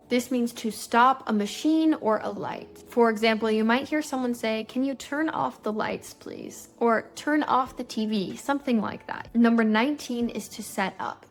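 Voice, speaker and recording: A woman giving a casual English lesson, explaining phrases and slowing down to say example sentences clearly. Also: on the high side. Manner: friendly explaining, slows down to model example phrases. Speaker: English teacher.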